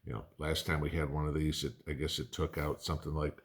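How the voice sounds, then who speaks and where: A man's voice: a bass voice, flat delivery, quick pace. A middle-aged man hosting a prepping channel, talking casually to camera in a conversational, rambling way with folksy asides.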